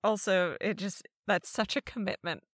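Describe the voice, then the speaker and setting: A woman's voice: medium pitch, normal speed, dry recording, clean studio sound. A woman co-hosting a podcast, chatting and reading listener stories with wry, amused emphasis. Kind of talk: casual podcast chat and story reading.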